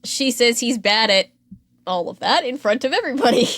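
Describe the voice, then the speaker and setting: A woman's voice: fairly high pitch, animated, moderate pace, a bit bright, no room sound, studio quality. Chatty, sarcastic woman podcast host. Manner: chatty, sarcastic storytelling with frequent fillers. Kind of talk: casual chat recapping a reality show.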